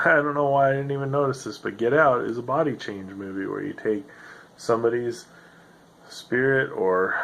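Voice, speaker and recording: A man's voice: lowish voice, gravelly, a bit bright, poor audio. A man hosting a solo podcast, rambling in a sardonic, self-deprecating way with lots of fillers, sounding tired. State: tired, yawning. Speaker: podcast host.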